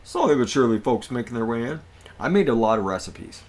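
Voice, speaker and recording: A man's voice: mid-range voice, big pitch swings, fast talker. A man hosting a casual livestream, upbeat and greeting his viewers one by one. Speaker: livestream host.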